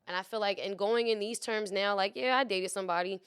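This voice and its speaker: A woman's voice: medium pitch, fairly quick, fairly bright tone, smooth. A woman guest in a candid casual chat, talking frankly and expressively and swearing freely. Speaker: podcast guest.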